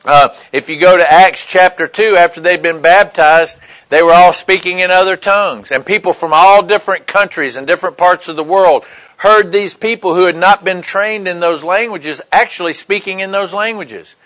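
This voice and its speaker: Male preacher, a touch high in pitch, emphatic and conversational. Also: normal speed, a bit bright, poor audio. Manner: conversational preaching with frequent "right?" and "okay" check-ins. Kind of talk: sermon.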